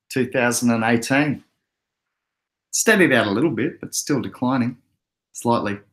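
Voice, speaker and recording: An Australian man in his younger years talks at an easy, mid-range pitch. He hosts a casual livestream, reading chat messages aloud with frequent laughs. His manner stays relaxed and conversational throughout. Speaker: crypto livestream host.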